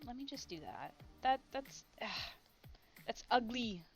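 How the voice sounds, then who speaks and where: A woman's voice: on the high side, sing-song, measured pace, vocal fry, faint music behind. Rambling, giggly woman streamer. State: has a headache. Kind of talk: casual chat while drawing on stream.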